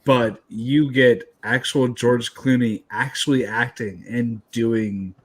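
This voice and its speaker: A man's voice: mid-range voice, steady tone, slow, husky. A man in a casual podcast discussion, blunt and opinionated, swearing casually. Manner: blunt, offers hot takes, swears casually.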